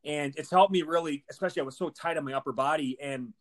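An enthusiastic man in his thirties with a Wisconsin Midwest accent, hosting a podcast. His voice sits a little on the high side, and he talks quickly, packing his sentences with "man" and "you know". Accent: Wisconsin Midwest American. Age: 30s. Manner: enthusiastic, fast-talking, lots of fillers like man and you know. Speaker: podcast host. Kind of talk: podcast intro and interview.

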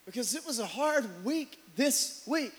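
A man preaching a sermon as pastor, swinging from loud, driven passages to hushed ones. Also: very high-pitched, expressive, unhurried. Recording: long hall reverb.

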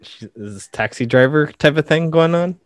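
A man's voice: a little high, animated, normal speed. A man hosting a podcast in casual chat, laid-back and teasing, laughing often. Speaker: podcast host.

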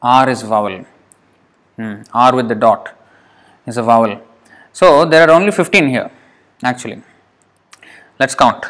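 A man leads an online class over a video call at a middle pitch. He speaks patiently, reads out his students' answers one by one and breaks words into syllables, stretching them slowly as he counts. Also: a bit bright. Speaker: Sanskrit teacher.

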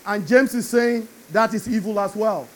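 A man preaching a sermon, animated and building to emphatic shouts. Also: high-pitched, moderate pace.

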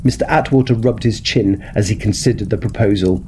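A man reading a period detective story aloud in a measured, expressive narration. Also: fairly low pitch, slight background noise. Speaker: story reader. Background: faint ambient sound.

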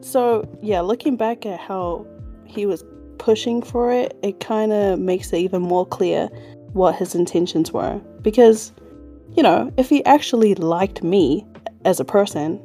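A woman's voice: mid-range voice, unhurried, mellow, soft background music. A young adult woman, reflectively recounting past events in casual chat.

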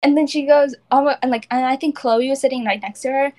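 A woman's voice: high voice, steady tone, quick pace, a little mellow. A teenage girl co-hosting a podcast, rambling in casual chat with lots of "like" fillers. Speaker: podcast co-host.

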